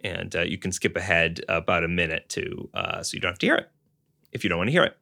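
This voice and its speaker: A man's voice: deep voice, fast talker, creaky. A man co-hosting a podcast, reading a hard-boiled novel aloud and breaking off to comment and laugh. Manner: animated, laughs often. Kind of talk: book reading with casual commentary.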